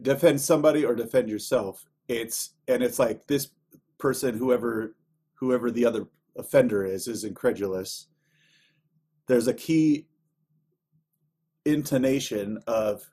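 A man's voice: medium pitch, a little slow, a little mellow, husky. A man chatting casually as a podcast co-host, joking and teasing, often imitating voices. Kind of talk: casual chat.

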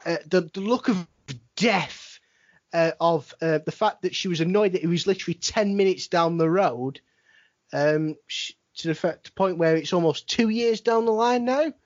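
A man with a high-pitched voice, speaking at normal speed, co-hosts a wrestling podcast from home. The banter is casual, sweary and rambling, captured on a dry, lo-fi home mic with no echo.

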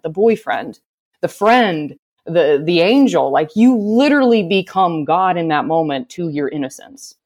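A woman's voice: lowish voice, expressive, normal speed, darkish tone. A woman guest speaking about self-love in an emphatic, heartfelt way, with frequent "like" fillers. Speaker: podcast guest. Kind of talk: spiritual self-help conversation.

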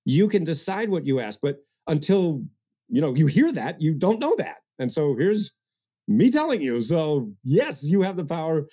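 Man, interview guest, coach, energetic, mocking asides, mellow tone, somewhat high voice. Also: moderate pace. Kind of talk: animated interview talk.

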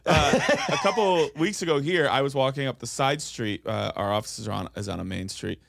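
A man co-hosting a podcast, telling a story in relaxed casual chat. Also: mid-range voice, brisk, creaky. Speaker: podcast co-host.

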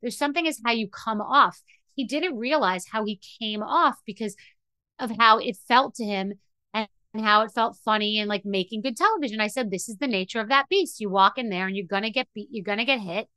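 In a candid and emotional podcast monologue, a middle-aged woman rambles and restarts as she talks a little fast. Her voice sits slightly high, bright and forceful, captured in a dry, close recording with no echo.

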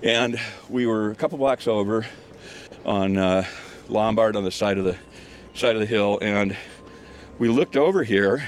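There's a little hiss or hum behind this older man's unhurried, lowish voice. He's a guest storyteller out walking on a hillside, telling a casual, rambling story with lots of fillers, restarts, and frequent laughter.

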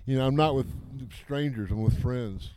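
A man who organizes a festival, answering interview questions in a halting way, repeating words and restarting. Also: medium pitch, mellow, slight background noise. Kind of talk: casual interview.

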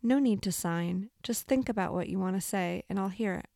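A serene spirit woman with a smooth, clear voice, soothing and unhurried, as a woman puts her on for a storybook reading. The voice is close and dry, with a slight gravelly texture. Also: medium pitch, no echo, lightly acted. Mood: gentle. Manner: calm and reassuring. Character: calm, gentle woman spirit with a slight accent.

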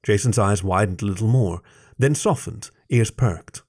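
A man with a fairly low voice reads a first-person story aloud. His delivery is measured and soft-spoken. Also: slightly rough. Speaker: story reader.

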